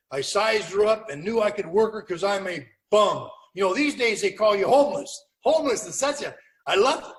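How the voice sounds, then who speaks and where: An older man tells his recovery story at a meeting over a video call, and his voice sits fairly high. He talks plainly and with wry humor. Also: rough recording. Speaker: AA speaker.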